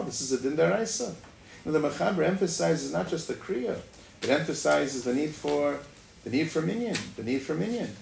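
A man's voice: a little high, vocal fry. A man giving a Torah lecture, thinking aloud with many fillers and rhetorical questions. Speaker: Talmud teacher. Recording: echoey room, faint noise.

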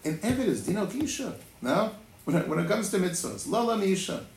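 A man's voice: sits high, animated, a little fast, darkish tone. A man giving a Torah lecture, thinking aloud with many fillers and rhetorical questions. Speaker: Talmud teacher. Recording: echoey room, faint noise.

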